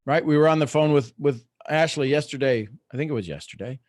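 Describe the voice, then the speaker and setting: A middle-aged host leads a live online coaching talk, explaining his points earnestly but with many restarts. His voice is on the high side and darkish in tone, fairly quick, recorded in studio quality without echo.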